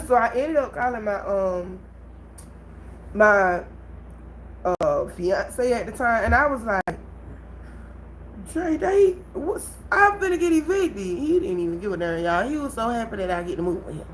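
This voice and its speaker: A woman vents to her livestream viewers, telling her story in an animated, conversational way. Her voice sits at a middle pitch, and a faint background noise runs under it. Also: unhurried, pauses often, rough recording. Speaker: livestream host. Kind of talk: casual livestream venting.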